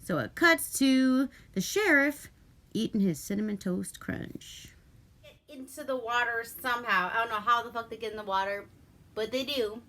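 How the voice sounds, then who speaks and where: A woman's voice: on the high side, normal speed, bright, forceful tone. A woman from Alaska giving a rambling, profane, wry movie review in casual chat.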